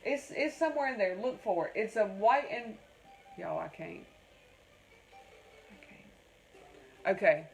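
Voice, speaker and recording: Live-streaming crafts from home, this North Carolina woman speaks with a Southern accent in a medium-pitched, gravelly voice with lively intonation, unhurried and pausing often. She chats and rambles, keeps saying "y'all" and reads out comments; there's faint music and the audio is poor.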